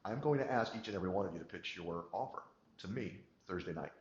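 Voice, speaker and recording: A man with a low voice gives a motivational coaching talk. He is emphatic, repeats his points and swings from quiet to energized. The recording is roomy and lo-fi. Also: animated, quick pace. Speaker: business coach.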